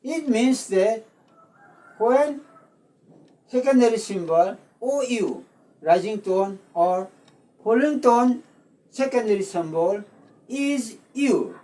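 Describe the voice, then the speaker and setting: Teacher, very slow and deliberate, repeats words, set back from the mic. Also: medium pitch, animated, mellow, recorded from a distance. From Manipur, India. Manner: deliberate, repeats words, mixes in Manipuri phrases. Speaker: language teacher. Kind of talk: slow explanatory lesson.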